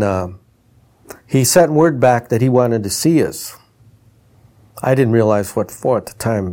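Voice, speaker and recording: An older man, a retired trumpeter and instrument designer, telling stories and acting out the voices in them. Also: medium pitch. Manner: animated, mimics voices in quoted dialogue. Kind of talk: anecdotal storytelling.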